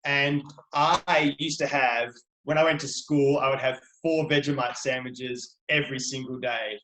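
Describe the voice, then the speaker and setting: A man's voice: mid-range voice, fairly even intonation, measured pace, fairly bright tone, reverberant, a little hiss or hum, poor audio. A middle-aged Australian man, a children's book author, chatting eagerly as a guest on a video call. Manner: chatty, enthusiastic, playful. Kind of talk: video call interview for kids.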